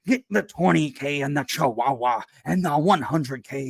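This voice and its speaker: A man's voice: a little high, normal speed, creaky, hardly any pauses, breathy edge, dry recording. Hyped, folksy man hosting a livestream. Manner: hyped and folksy, keeps calling people brother; bursts into loud shouted pep talk. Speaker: host. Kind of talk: casual livestream chat. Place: home.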